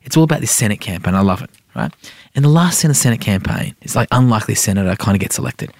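A man's voice: on the low side, animated, fast talker, no echo, clean studio sound. A middle-aged man, chatting as a guest in a rambling, filler-heavy way and often tagging "right?". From Iran. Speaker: senator and podcast guest. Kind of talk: casual interview chat.

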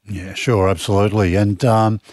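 A man co-hosting a casual radio chat in a measured, hedging way. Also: lowish voice, level tone, darkish tone, dry recording, studio quality. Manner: measured, hedging with "I think" and "I mean". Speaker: co-host.

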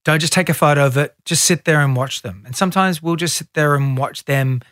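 A man's voice: a little high, brisk, dry recording, studio quality. A middle-aged man, a guest in a casual interview, telling stories and acting out what others said. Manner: animated storyteller, acts out quotes.

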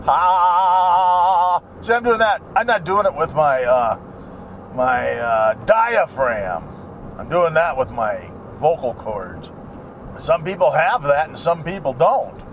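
Rambling high-voiced middle-aged man driving. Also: slight background noise. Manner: rambling, chatty, grumbles at other drivers. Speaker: vlogger. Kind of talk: casual chat while driving. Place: in a car.

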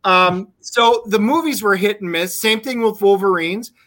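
A man on a talk show as a guest, telling animated stories over a video call. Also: high-pitched, moderate pace. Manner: animated storytelling. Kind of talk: casual chat.

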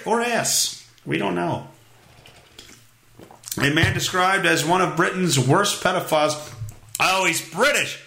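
A man hosting a solo podcast, reading headlines with crude, profane sarcasm. His voice is bright and gravelly with a lively pitch. The sound is roomy and echoey. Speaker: podcast host. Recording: echoey room.

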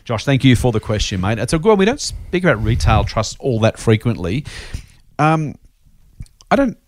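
A man's voice: mid-range voice, very animated, moderate pace, dry recording, studio quality. A man co-hosting a casual investing podcast. He is chatty and self-deprecating and often repeats his words. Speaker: podcast co-host.

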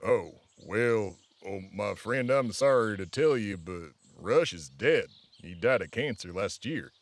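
A low, drawling man at the door, as a comic puts him on, breaking sad news hesitantly and kindly. His pitch rises and falls widely, and he sounds set back from the mic. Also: expressive, measured pace. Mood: somber. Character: slow-spoken man answering a door.

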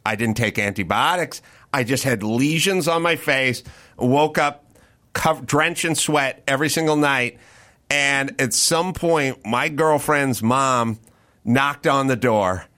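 A bright, forceful-sounding man hosting a casual podcast. He tells stories with profanity and plenty of animation. He acts out everyone's lines in his own voice. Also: mid-range voice, slow pace. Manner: profane, animated anecdote with acted-out quotes. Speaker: podcast host. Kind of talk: casual storytelling chat.

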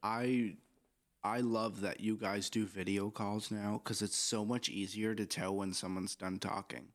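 A man's voice: lowish voice, steady tone, measured pace. A young man co-hosting a podcast, chatting casually in a rambling, joking, profane way. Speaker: podcast co-host.

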